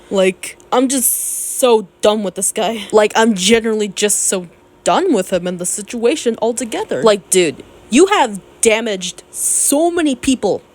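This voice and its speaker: A woman's voice: mid-range voice, a little mellow. A woman giving an emotional commentary rant, tearful and close to crying, raw and heated, with stumbling restarts. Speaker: YouTube commentator.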